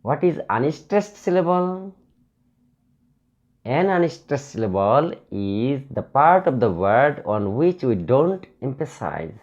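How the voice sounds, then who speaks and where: A man teaching English pronunciation, dictating slowly and repeating words as he writes on a whiteboard. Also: mid-range voice, very animated, a little mellow, lo-fi sound. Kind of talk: classroom lesson at a whiteboard.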